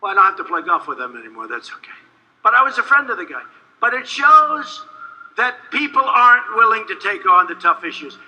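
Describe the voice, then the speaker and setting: A man giving a rambling, boastful campaign rally speech, repeating himself and sometimes shouting. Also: high voice, big pitch swings, a little fast, low-quality recording. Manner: shouts at times to a crowd. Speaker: political candidate.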